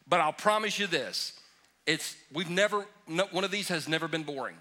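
A man's voice: high-pitched, lively intonation, normal speed, sharp tone. A man pastor leading a question and answer sermon in a church, talking casually with jokes and emphatic asides. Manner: conversational, joking, emphatic preaching. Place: church sanctuary.

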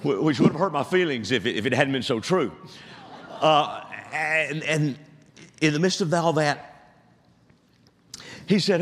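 Older pastor with hall echo. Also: male voice, mid-range voice, animated, fairly quick, fairly bright tone, a little hiss or hum. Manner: self-deprecating storytelling, frequent restarts. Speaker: retired pastor. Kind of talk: sermon with a humorous story. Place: church sanctuary.

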